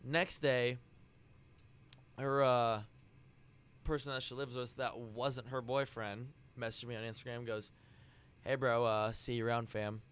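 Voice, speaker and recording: A man's voice: medium pitch, little pitch movement, unhurried, pauses often, fairly bright tone, a little hiss or hum. A young man, a podcast guest, telling a crude story in casual chat and acting out the lines of the people in it.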